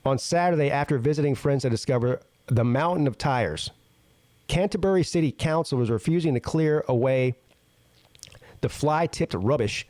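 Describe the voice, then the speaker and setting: A man's voice: moderate pace, darkish tone, no room sound. A male show host reading news stories aloud and breaking in with blunt, profane reactions. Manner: reads headlines then reacts with blunt, profane asides; jumps high in pitch when incredulous. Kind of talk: casual news reading with commentary.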